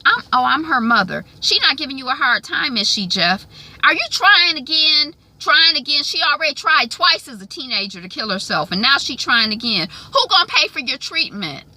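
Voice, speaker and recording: A shrill, nagging mother bosses everyone around in a high, bright, cutting voice, as a woman puts her on. She is pushy, scolding and sure of herself. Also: animated, moderate pace, exaggerated voice. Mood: bossy. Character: pushy middle-aged woman, a domineering mother.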